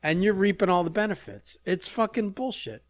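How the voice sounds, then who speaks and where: A podcast co-host ribs his friend with teasing, profane banter, in a slightly high voice. The sound is dry and close, with no room ring. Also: sing-song, moderate pace, dry recording. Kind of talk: casual chat.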